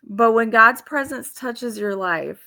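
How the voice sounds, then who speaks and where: A woman giving informal devotional teaching in an earnest, halting way, with pauses and restarts. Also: fairly high pitch, vocal fry, pushed and bright. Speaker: faith video host.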